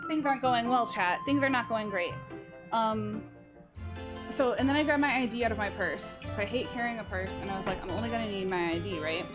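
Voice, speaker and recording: A woman's voice: on the high side, a little fast. A woman in her early twenties, a streamer rambling through a story to her chat and swearing freely as she goes. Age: early 20s. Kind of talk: casual live-stream chat. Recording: voice over loud background music. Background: music playing under the talk.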